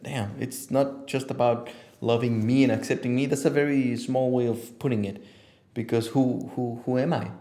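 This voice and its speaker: A man's voice: mid-range voice, warm tone. A man who works as an image consultant, talking as a podcast guest with passion and lots of swearing, acting out the voices he quotes. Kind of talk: casual interview talk.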